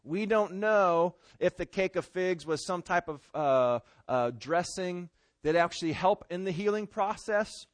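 A man in his thirties preaching with a drawl and a slightly higher voice. His sermon sounds easy and conversational, with homespun comparisons. The recording is close and dry, with no room sound. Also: expressive, unhurried, no room sound. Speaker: pastor.

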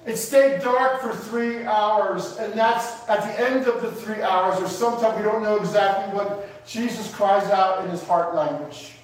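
Emotional preacher, echoey hall. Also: male voice, sits high, unhurried, hardly any pauses, recorded from a distance. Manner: emotional, preaching with rising emphatic repetition. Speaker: pastor. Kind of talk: sermon. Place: church sanctuary.

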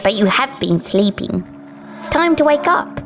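A man's voice: sits high, very animated, a little slow, a bit bright, faint music behind, voice pushed up, exaggerated voice. A man voicing an eerie, giggling little girl in a horror story, with a sing-song, teasing manner. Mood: eerie playful.

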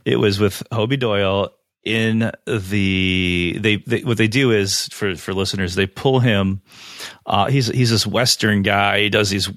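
A man co-hosting a podcast, in a casual film discussion, enthusiastic and quick to laugh, with frequent restarts. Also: fairly low pitch, fairly even intonation, a bit bright, dry recording, studio quality. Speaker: podcast co-host.

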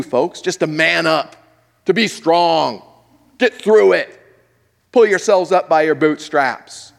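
A male pastor preaching a sermon, dramatic, swinging between loud and hushed, asking the audience questions. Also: fairly high pitch, vocal fry. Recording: echoey hall with long reverb.

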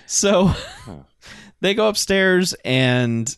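A man's voice: high voice, very slow, clean tone, no room sound, studio quality. Laughing man recapping a film. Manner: animated, acts out quotes, laughs often. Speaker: podcast co-host. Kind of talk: casual film recap chat.

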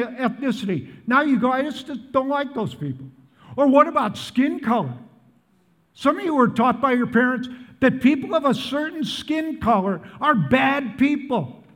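Brief: man in his 70s, pastor, very high animated voice, reverberant church hall, peppers the crowd with questions. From Midwest, US. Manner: asks the crowd rhetorical questions again and again. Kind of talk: sermon. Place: large church in northern Colorado.

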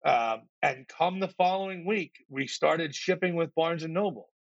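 A man with a slightly high, gravelly voice tells a lively story as a podcast guest. He acts out what other people said and stumbles over repeated words when he gets excited. The sound is dry and a little muffled. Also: normal speed, dry recording. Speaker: podcast guest, startup founder. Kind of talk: animated storytelling in a podcast interview.

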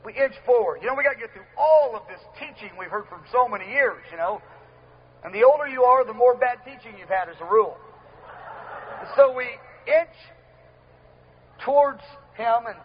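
A man's voice: very high-pitched, normal speed, muffled recording. A man preaching a sermon to a live audience, earnest and emphatic, repeating key phrases.

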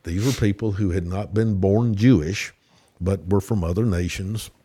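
A man's voice: deep voice, moderate pace, dark tone, slightly rough. A man with a Southern US accent explaining a religious topic as a podcast guest, with many restarts and fillers. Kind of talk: casual theological discussion.

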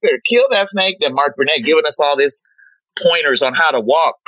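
A woman guest on a podcast, telling stories in a casual, animated way, swearing often and leaning on "you know.". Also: sits low, brisk, dry recording, muffled recording. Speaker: podcast guest, former reality show contestant. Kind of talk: casual storytelling chat.

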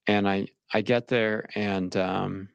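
Young man, low and gravelly, halting and shaken delivery, dry recording. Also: steady tone, no echo, highs cut off. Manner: halting, repeats words, shaken. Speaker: interviewee recounting his experience. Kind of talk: emotional personal account.

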